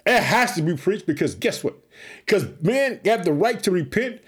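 A man preaching an energetic podcast sermon, fervent and repetitive, calling his listeners family and shouting hallelujah. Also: high-pitched, moderate pace, slightly rough. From Chicago, United States. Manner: repeats catchphrases, calls listeners family.

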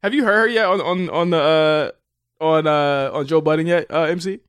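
A man's voice: on the high side, moderate pace, clean tone, no echo, studio quality. A man co-hosting a podcast, chatting and arguing casually, laughing often and restarting his sentences. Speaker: podcast co-host. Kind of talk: casual debate chat.

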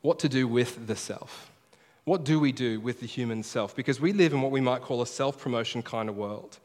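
Male pastor, sermon, mid-pitched voice, emphatic, long reverb of a big hall. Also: darkish tone. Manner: emphatic, repeats key phrases slowly. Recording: preaching in a large reverberant hall.

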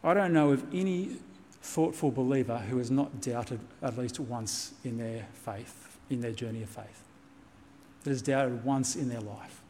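A man's voice: mid-range voice, measured pace, mellow, big-room sound, a little hiss or hum. A man preaching a sermon as pastor, earnest and reassuring, repeating key points for emphasis. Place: church.

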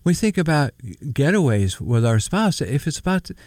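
Lively middle-aged man on faith radio. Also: fairly high pitch, normal speed, no echo, studio quality. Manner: lively, laughs often, reads Scripture aloud. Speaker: co-host. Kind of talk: casual Christian radio chat.

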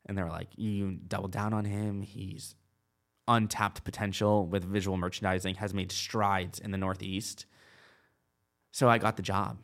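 A man's voice: lowish voice, little pitch movement, moderate pace, gravelly, fairly bright tone. A man in his twenties telling a long personal story in casual chat, full of "like" and quoted dialogue. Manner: chatty, lots of "like" and quoted dialogue. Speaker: guest.

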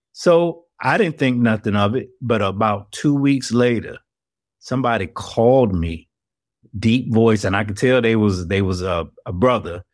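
A man telling a story in an interview, animated and acting out the people he quotes. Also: medium pitch, no echo, studio quality. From Atlanta, US South. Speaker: investigative reporter, guest.

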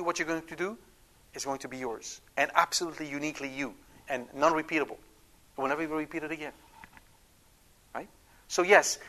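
A man's voice: on the high side, bright, forceful tone. A man giving an emphatic Catholic teaching talk, often checking in with his listeners. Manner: acts out quoted prayers. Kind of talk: catechetical talk.

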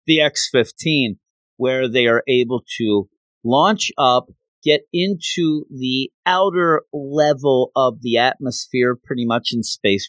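A man's voice: medium pitch, fairly bright tone, dry recording. Chatty man retelling a comic, dry sound. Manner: chatty, digressive.

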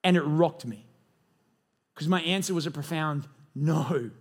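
A man's voice: a little high, unhurried, breathy edge. A man in his thirties preaching a sermon as lead pastor, earnest and conversational, telling stories from his own life. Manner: earnest and conversational, with storytelling asides. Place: church auditorium.

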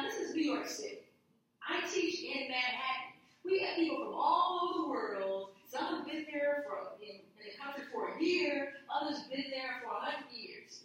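A woman guest talks with passion and emphasis, circling back on her key phrases. Her voice sits a bit high. The mic sits far off in a very echoey room with a faint hiss behind her. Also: fairly bright tone. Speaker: law professor guest. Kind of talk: passionate conversational interview.

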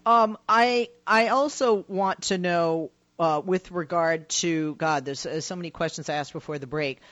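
A woman hosting a radio talk show, questioning her guest in a brisk, rapid-fire way. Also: fairly low pitch, fairly bright tone, no room sound, lo-fi sound. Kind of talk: radio interview.

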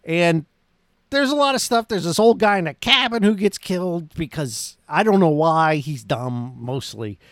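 A man's voice: a little high, animated, moderate pace, dry recording, clean studio sound. A man casually recapping a movie plot on his podcast, rambling and enthusiastic, full of restarts and fillers. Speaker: podcast host reviewing a movie.

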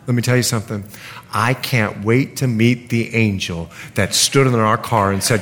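A man's voice: medium pitch, normal speed, a faint crowd, slight background noise. A middle-aged male pastor preaching a sermon, telling humorous stories and acting out the voices of people in them. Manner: animated, humorous, acts out quoted voices. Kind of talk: sermon with storytelling.

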